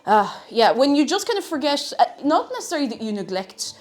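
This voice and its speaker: A young woman streaming from home, chatting brightly with her viewers and greeting them by name. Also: sits high, big pitch swings, fairly quick, faint music behind. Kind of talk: casual live-stream chat.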